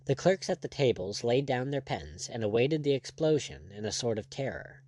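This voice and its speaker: A man's voice: medium pitch, sing-song, normal speed, darkish tone. Man narrating an audiobook. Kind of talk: scripted narration.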